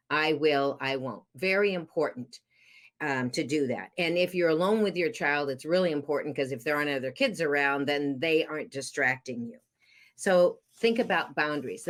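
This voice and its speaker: A woman coaching parents on divorce, explaining steps earnestly with frequent fillers. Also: low voice. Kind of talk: podcast interview advice.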